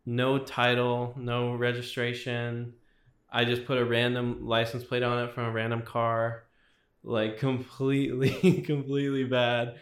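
A young man shares his testimony as a podcast guest. His voice stays flat and even, with lots of "like" and "you know". The room around him rings with echo. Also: medium pitch, unhurried. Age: 20s. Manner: rambling, heavy use of "like" and "you know". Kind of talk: testimony in casual chat. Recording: roomy echo.

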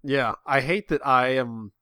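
A man's voice: mid-range voice, measured pace, sharp tone, no room sound, studio quality. A man in his thirties chatting casually as a podcast co-host, rambling with lots of restarts and self-mocking asides. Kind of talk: casual chat.

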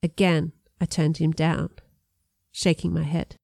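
A woman reading a first-person story aloud, expressive and lively in her narration. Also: unhurried, creaky, no room sound, studio quality. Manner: expressive, lifts pitch for dialogue. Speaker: audiobook narrator.

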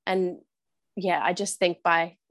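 A woman's voice: lowish voice, flat delivery, takes it slowly, a bit bright, dry recording. A woman hosting a casual podcast chat, encouraging and thinking aloud with lots of fillers. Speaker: podcast host.

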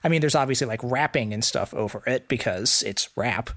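A man's voice: mid-range voice, fairly quick, a bit bright. A man co-hosting a music podcast, talking casually and enthusiastically, with lots of "like" fillers. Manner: enthusiastic, rambling with many "like" fillers. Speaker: podcast co-host. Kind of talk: casual music review chat.

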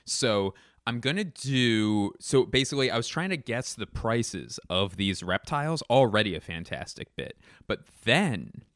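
A man's voice: medium pitch, big pitch swings, unhurried, a bit bright, no echo, studio quality. A man hosting a comedy podcast, telling stories in a casual, rambling way and breaking off mid-sentence, with casual swearing. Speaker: podcast host.

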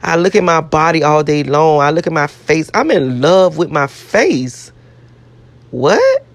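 Speaking a little slowly, a woman with a low voice swings widely in pitch, recorded without room sound. She rambles to her viewers on camera, brash and foul-mouthed, boasting, praising herself, and repeating herself.

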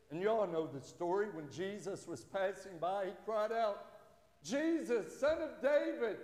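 A man's voice: high-pitched, a little mellow. A man preaching a sermon as a pastor in a church, with rising fervor. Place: church sanctuary. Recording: echoey hall.

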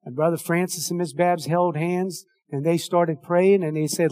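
An older man delivers a sermon in a notably high voice. He preaches with fervor, dropping low and hushed before building back up to shouts. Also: fairly even intonation, moderate pace, hardly any pauses. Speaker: pastor.

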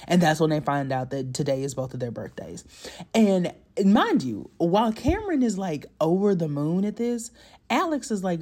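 A man's voice: fairly high pitch, very animated, a little slow, a little mellow. A man giving a casual, chatty movie recap, laughing often and poking fun at himself. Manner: chatty, laughing, self-mocking, slangy. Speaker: movie reviewer.

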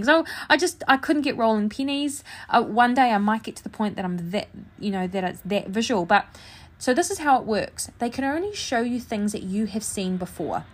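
A woman who works as a psychic medium, chatting casually to her viewers and talking in a steady flow with hardly any pauses. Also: on the high side. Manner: chatty, talks in a continuous flow without pauses.

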